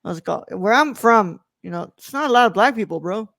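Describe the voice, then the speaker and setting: A man's voice: high voice, lively intonation, brisk, vocal fry, a bit bright, no room sound, clean studio sound. A man from Texas, a guest on a comedy podcast, telling stories in a slangy casual style. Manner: slangy, ends lines with "bro". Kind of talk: casual storytelling.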